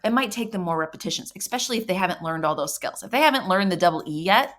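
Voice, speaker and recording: A woman's voice: medium pitch, expressive, fairly bright tone. Upbeat woman coaching parents on reading. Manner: upbeat and encouraging, sounds out syllables slowly. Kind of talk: instructional talk to parents.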